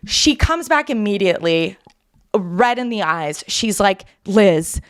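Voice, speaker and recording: A woman podcast host in casual chat, telling a story in an animated, self-deprecating way with quick asides. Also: medium pitch, smooth.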